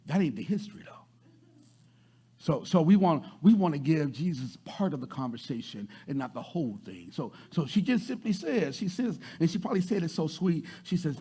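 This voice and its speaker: A man pastor preaching a sermon, repeating words and swinging from loud to soft. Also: a little high, lively intonation, fairly quick, slightly rough.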